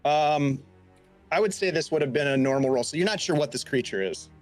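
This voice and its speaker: A man narrating a tabletop game as game master, in a slightly high voice. He rambles and restarts, with lots of fillers. Quiet music plays under him. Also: animated, fairly quick.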